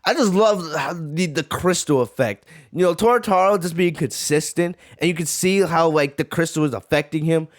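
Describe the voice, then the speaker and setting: A man hosting a live reaction video, giving excitable, slangy commentary. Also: a little high, moderate pace, hardly any pauses.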